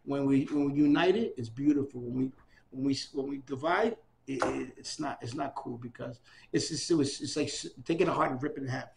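An older man from New City, originally from New York City, tells stories in an oral history interview, animatedly acting out the voices of people he quotes. His voice is medium-pitched, brisk, and creaky, with slight background noise.

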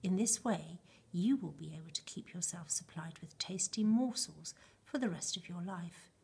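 A woman reading aloud and voicing a grand, eccentric male chocolate maker's letter in a theatrical, husky voice. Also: fairly low pitch, moderate pace, darkish tone, full character voice. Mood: grandiose.

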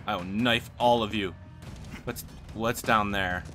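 A man hosting a let's play, excitedly commenting on the action and muttering to himself between outbursts. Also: on the low side, a little slow. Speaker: gaming video host. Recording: game music and gunfire behind.

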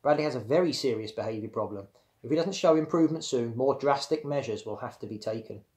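A man's voice: medium pitch, lively intonation, quick pace, darkish tone, natural voice. A man voicing a cool, firm female schoolteacher who speaks matter-of-factly.

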